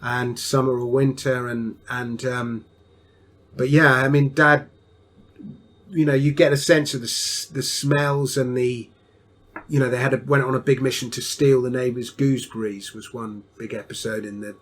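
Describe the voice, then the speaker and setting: A man's voice: mid-range voice, fairly even intonation, normal speed, fairly bright tone. A man, a podcast guest telling a family story at an easy, rambling pace with frequent restarts.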